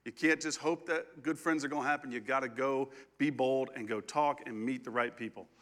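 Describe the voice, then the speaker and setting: A man's voice: mid-range voice, steady tone, a little fast, a bit bright. A man co-pastoring a sermon, speaking directly to the congregation with questions. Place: church sanctuary.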